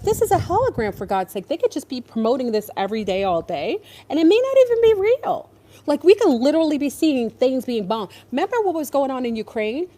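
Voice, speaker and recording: A fairly high-voiced woman ranting in casual talk. She sounds exasperated and sarcastic, and her voice swings widely as she drops into mocking impressions. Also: dark tone. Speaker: podcast host.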